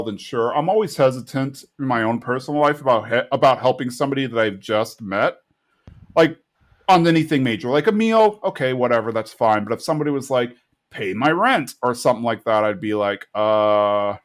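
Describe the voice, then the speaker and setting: Casual male co-host at medium pitch, retells episodes and slips into quick character bits. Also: lively intonation. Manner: retells scenes, briefly mimicking characters' lines. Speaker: podcast co-host recapping episodes. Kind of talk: casual chat.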